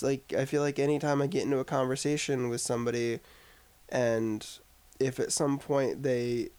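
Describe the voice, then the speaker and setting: A man with a mid-range, darkish voice co-hosts a casual podcast in upstate New York. He discusses a film in a rambling review packed with filler words.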